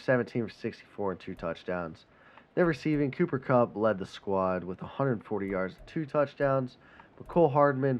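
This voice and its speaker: A young man giving casual, animated commentary over a football video game, cursing and swinging between frustration and excitement. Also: mid-range voice. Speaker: gaming commentator. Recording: slightly dull sound, faint background noise.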